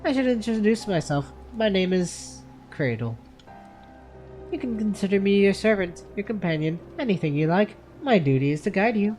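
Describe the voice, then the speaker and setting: A reader voicing a calm, mysterious hooded girl. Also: medium pitch, moderate pace, faint music behind, voice pushed up, close to an everyday voice. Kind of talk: reading game story dialogue aloud.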